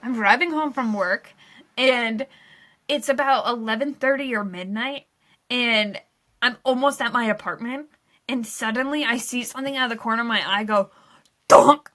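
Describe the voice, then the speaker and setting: A young woman spins a story for her podcast in a high voice. Her tone is bright and lively, and she talks in an animated, breathless rush that is often broken by laughter. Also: normal speed. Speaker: podcast co-host. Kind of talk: casual storytelling chat.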